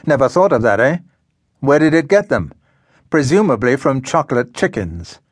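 A male audiobook narrator voicing an elderly woman poet who snarls and speaks with sharp, cutting scorn. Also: medium pitch, sing-song, normal speed, no echo. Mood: snarling. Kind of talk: audiobook character voice.

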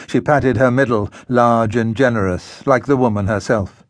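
Measured male audiobook narrator, dry studio sound. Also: medium pitch, fairly even intonation, dry recording. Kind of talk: scripted narration. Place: recording studio.

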